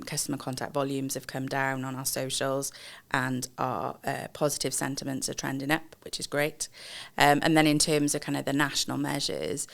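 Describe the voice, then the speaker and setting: A woman, a customer experience director, explaining in a measured way with frequent pauses and fillers in a podcast interview. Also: rumbling low, gravelly. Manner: measured, explanatory, many ums.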